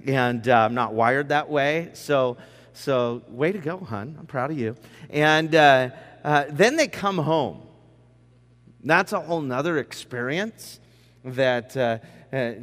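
A man whose voice is on the high side and fairly bright tells funny stories to students in a large hall. He keeps it conversational and self-deprecating, tossing in jokes along the way.

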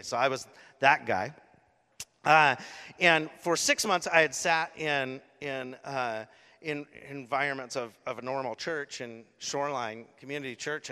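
A middle-aged man telling his conversion story in a sermon, emotional and animated, acting out his own gasps and words. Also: medium pitch. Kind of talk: sermon testimony. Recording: long hall reverb.

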